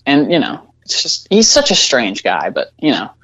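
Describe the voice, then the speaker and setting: A man's voice: medium pitch, huge pitch swings, normal speed, fairly bright tone, dry recording. Easygoing young man, slightly dull sound. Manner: easygoing, many "you know" fillers. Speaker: podcast guest. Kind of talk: casual podcast chat.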